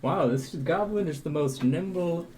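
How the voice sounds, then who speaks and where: A man's voice: fairly high pitch, unhurried, darkish tone, far from the mic, voice pushed up, natural voice. A man playing a grandiose heroic adventurer in a tabletop game, speaking with flowery, theatrical praise. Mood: admiring.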